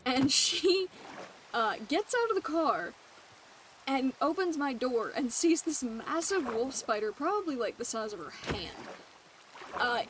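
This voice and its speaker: A woman's voice: high-pitched, a bit bright, a little hiss or hum. A young woman streaming a game and telling a childhood story in a casual, chatty way, often laughing as she talks. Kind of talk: casual storytelling while gaming.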